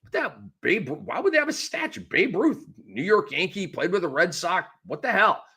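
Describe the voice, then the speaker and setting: Excitable high-pitched male sports host. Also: slightly rough. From lives in the Tampa Bay area. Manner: excitable, ranting, quick shifts in volume. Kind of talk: animated solo sports commentary.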